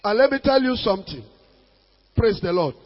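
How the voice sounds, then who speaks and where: A Nigerian man preaching a sermon as a pastor, emphatic, with sudden loud bursts. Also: high-pitched, lively intonation, normal speed, long reverb tail, muffled recording.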